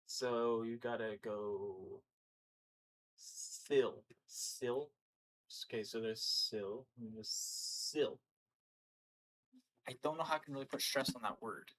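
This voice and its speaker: A young man recording himself learning, muttering and repeating words in a halting way. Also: mid-range voice, fairly bright tone. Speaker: language learner. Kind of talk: casual self-recorded learning vlog.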